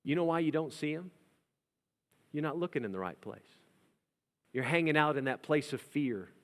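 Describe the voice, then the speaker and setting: Male pastor, higher-pitched voice, dramatic sermon delivery with acted-out quotes, reverberant church hall. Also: animated, moderate pace. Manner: dramatic preaching, acting out quoted voices with big swings in loudness and pitch. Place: church sanctuary.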